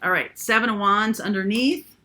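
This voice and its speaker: A woman's voice: medium pitch, normal speed, bright, forceful tone, a little hiss or hum. A woman doing a casual, chatty tarot reading, thinking aloud with lots of fillers. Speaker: tarot reader.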